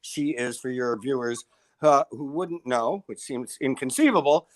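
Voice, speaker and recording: A man's voice: medium pitch, a little slow. Middle-aged guy from upstate new york, guest on a chat show, tells stories big, does the voices of people he quotes. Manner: animated storyteller who acts out the people he quotes. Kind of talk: casual interview chat.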